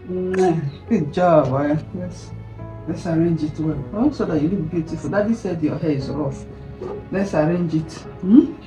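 A Nigerian woman vlogging at home, softly coaxing her child as she fixes its hair. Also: lowish voice, echoey room, rough recording. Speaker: vlogger mother. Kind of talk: casual family vlog.

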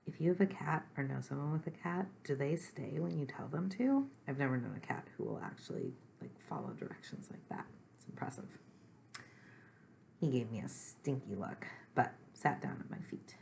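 A woman reading a children's chapter book aloud, gently and slowly, adding chatty asides to her listeners and at times dropping to a whisper. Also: very deep voice, very animated, gravelly. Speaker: reader. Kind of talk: storybook read-aloud for children.

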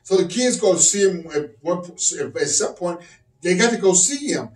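A man doing stand-up comedy, loud and profane, often shouting. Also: high voice, expressive, moderate pace. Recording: echoey room from distant mic.

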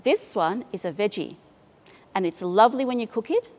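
A woman with an Australian accent hosting a library storytime, reading to young children in a playful, drawn-out way. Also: medium pitch, lively intonation, darkish tone, in a large hall.

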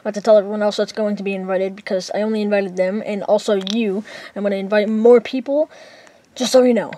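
A woman's voice: mid-range voice, steady tone, quick pace, warm tone, slight background noise. A woman narrating and voicing characters in a casual homemade toy skit, rambling with many fillers.

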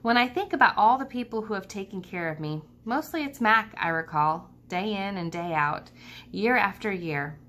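A woman teacher reading a children's book aloud to students, telling the story in a calm, steady way. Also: mid-range voice, normal speed, a little hiss or hum.

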